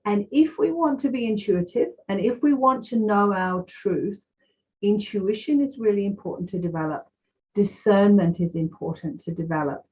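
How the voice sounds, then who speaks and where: A woman guest giving spiritual guidance over a video call, slow, measured and emphatic. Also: medium pitch, a little mellow. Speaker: guest psychic. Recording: dull, slightly lo-fi.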